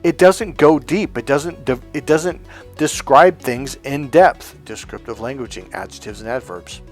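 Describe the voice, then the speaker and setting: A man's voice: medium pitch, a little slow, faint music behind. A man coaching other men on dating in a blunt, profane, casual monologue, acting out quotes as he goes.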